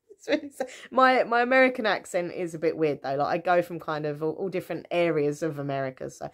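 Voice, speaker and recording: A woman in her thirties tells stories from her childhood in a relaxed, chatty way. Her voice sits a little low, and she often laughs at herself, stops to correct herself, and pads her lines with ums. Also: fairly quick. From England. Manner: chatty, giggly, self-mocking, many fillers. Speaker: vlogger. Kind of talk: casual storytime chat.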